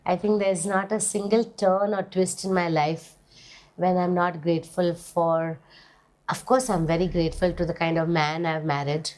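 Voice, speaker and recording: A woman's voice: on the low side, level tone, normal speed, a little mellow. Earnest woman telling her story. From India. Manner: earnest, emotional storytelling with restarts and emphatic bursts. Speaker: interviewee, mother. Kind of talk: personal testimony in an interview.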